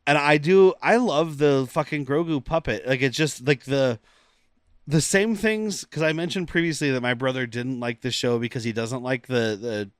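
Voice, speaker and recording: A man's voice: mid-range voice, normal speed, smooth, dry recording, studio quality. A man co-hosting a podcast, recapping an episode in loose chat, laughing often and swearing casually. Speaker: podcast co-host.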